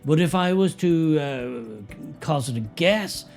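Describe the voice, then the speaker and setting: A man's voice: a little high, slow, a little mellow, faint music behind. A man giving sarcastic political commentary in a mocking, emphatic way. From Ireland.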